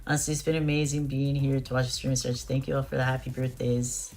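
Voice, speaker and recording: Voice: mid-range voice, monotone, quick pace, darkish tone, faint music behind. A young adult streamer chatting casually while playing and reading dialogue aloud, often laughing and stammering on restarts.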